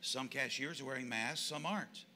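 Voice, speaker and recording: A pastor, praying and then talking with the congregation in a folksy, conversational way. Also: male voice, medium pitch, moderate pace, pushed and bright, slight background noise. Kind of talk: prayer and church announcements. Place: church sanctuary.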